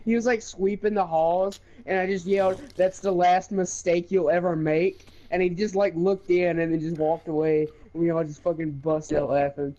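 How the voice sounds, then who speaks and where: A man's voice: on the high side, steady tone, moderate pace, few pauses, warm tone, muffled recording. A man casually telling a boastful, profane story, rambling with lots of fillers and laughing as he goes. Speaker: gaming video creator.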